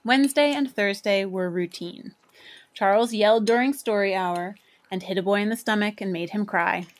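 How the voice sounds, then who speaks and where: A woman narrating a short story in a measured, clear storytelling manner. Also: medium pitch.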